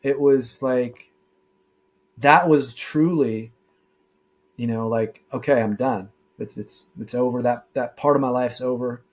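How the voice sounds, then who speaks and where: A middle-aged former deputy sheriff tells his story in a casual interview, his mid-range voice halting with many fillers and restarts.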